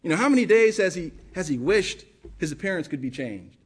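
A man's voice: high-pitched, animated, a little fast, slightly rough. A male pastor preaching a sermon with passion, firing rhetorical questions and repeating phrases for emphasis.

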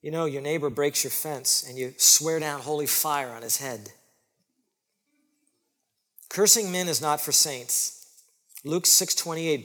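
Man, pastor, sermon, high-pitched, emphatic, repeats lines for stress, echoing sanctuary. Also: measured pace, long pauses. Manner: emphatic, repeats phrases for stress, swings from loud to soft.

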